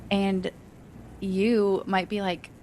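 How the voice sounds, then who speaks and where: A woman hosts a faith podcast in a casual, chatty style. She talks quickly, scattering "like" throughout and acting out little examples as she goes. A faint low rumble runs under her mid-pitched voice. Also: level tone, a little mellow. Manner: chatty and quick, with many "like" fillers and acted-out examples. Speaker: podcast host, inner healing practitioner. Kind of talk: casual conversational interview.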